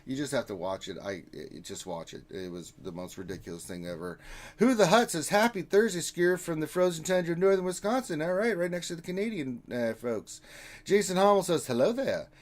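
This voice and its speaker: A man's voice: a little high, lively intonation, fairly quick. A man hosting a casual live stream, reading viewer comments aloud with easygoing, jokey banter. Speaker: livestream host.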